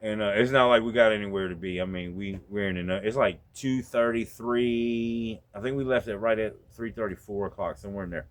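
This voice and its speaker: A man hosting a podcast, telling a story in a casual, profane way and getting animated as he acts out the exchanges. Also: on the low side, a little fast. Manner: profane, laid-back, animated when retelling. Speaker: podcast host.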